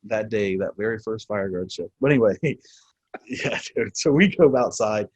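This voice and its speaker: A man in his forties, a military veteran guest, telling war stories in a casual, profane, animated way with frequent laughs. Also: fairly low pitch, moderate pace, husky, no room sound, dull audio. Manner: profane, animated storyteller who laughs often. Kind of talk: casual storytelling interview.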